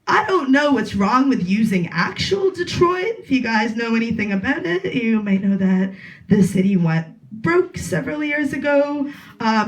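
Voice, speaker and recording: Deadpan woman doing stand-up. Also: mid-range voice. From Russia. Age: 20s. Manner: deadpan, rambling with filler words. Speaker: stand-up comedian. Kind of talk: stand-up set at an open mic. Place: small bar at an open mic. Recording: echoey room.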